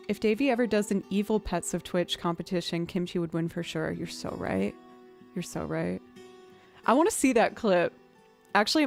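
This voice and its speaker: A woman's voice: medium pitch, vocal fry, darkish tone. Chatty woman streamer, music faint behind. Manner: chatty, thanks viewers, frequent fillers. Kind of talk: casual live-stream chat.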